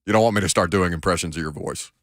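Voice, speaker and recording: A man's voice: low voice, rapid-fire, fairly bright tone, no echo, clean studio sound. A man hosting a sports talk radio show, joking with his crew and giving blunt, opinionated takes. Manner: bantering, then blunt opinionated analysis. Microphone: studio microphone.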